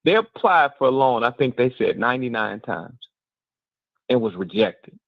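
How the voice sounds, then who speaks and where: On a talk radio show, a middle-aged man with a medium-pitched voice and some vocal fry tells a personal story at normal speed, animatedly acting out the voices of the people in it. The sound is lo-fi with no echo.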